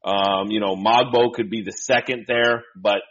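A man's voice: lowish voice, steady tone, moderate pace, a bit bright. A man co-hosting a casual podcast, easygoing and agreeable as he weighs draft picks. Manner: easygoing, agreeable, laughs along. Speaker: podcast co-host. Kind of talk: casual draft-pick chat. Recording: dull lo-fi sound.

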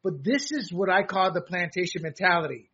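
A man co-hosting a political talk show, animated and sarcastic, often laughing and acting out mocking quotes. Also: high-pitched, fairly quick, breathy edge, highs cut off. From abroad, a country once under dictators. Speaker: co-host.

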